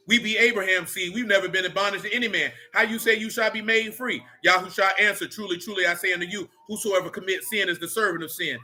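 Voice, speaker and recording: A man's voice: high-pitched, bright, forceful tone. A man leading a casual Bible study, blunt and slangy as he preaches and rants.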